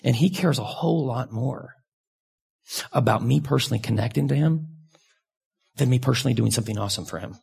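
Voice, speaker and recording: A male pastor delivers a sermon to his congregation in a loose, candid, conversational style, speaking a little fast and pausing often. His husky voice is gravelly and slightly rough, and he occasionally jumps up sharply in pitch for lively emphasis.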